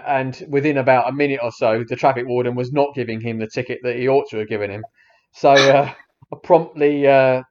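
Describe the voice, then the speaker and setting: A man's voice: medium pitch, a little mellow. Male co-host, thirties, rambling and hesitant, slightly muffled recording. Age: 30s. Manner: hesitant, rambling, lots of fillers and restarts. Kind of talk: casual storytelling chat.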